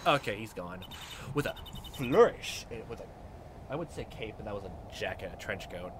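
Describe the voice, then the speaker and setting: A man's voice: on the low side, expressive, moderate pace, background noise. A man playing a fan-made game and commenting, rambling and joking with the odd swear. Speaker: let's player. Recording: game music playing behind.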